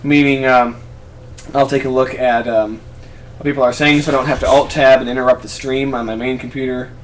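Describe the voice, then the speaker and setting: A man's voice: medium pitch, flat delivery, fairly quick, slight background noise. A man in his twenties answering viewers' questions in a casual vlog, chatty and rambling, often stopping to correct himself. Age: 20s. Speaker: YouTube creator answering fan questions. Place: apartment room.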